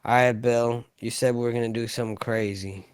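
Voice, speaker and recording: A man co-hosting a podcast in casual chat, animated and prone to shouting bursts. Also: mid-range voice, brisk, clean tone, dry recording, studio quality. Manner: animated, bursts into shouting when making a point. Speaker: podcast co-host.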